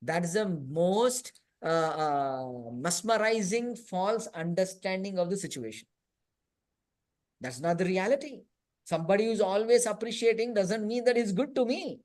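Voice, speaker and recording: A man's voice: high voice, animated, unhurried, a little mellow. A man teaching a youth scripture class in a conversational storytelling manner, often adding "you know" and "right?". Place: temple hall.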